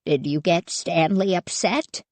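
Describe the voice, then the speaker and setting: A woman's voice: fairly low pitch, unhurried, darkish tone, dry recording, pitched below the performer's own voice. A woman voicing a frail, frightened old grandfather who sounds worried. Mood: fearful. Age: older. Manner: worried, fearful.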